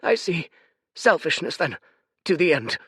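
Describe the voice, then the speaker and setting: Man putting on a tired, teary old seer: high, quavering croak, dry close sound. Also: big pitch swings, measured pace, fairly bright tone, no echo, exaggerated voice. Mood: weary, sorrowful. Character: old weary male seer, teary and sorrowful.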